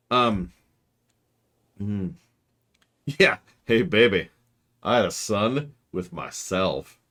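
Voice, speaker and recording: A man casually commentating a strategy game as he plays, joking and reacting out loud. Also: mid-range voice. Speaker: streamer.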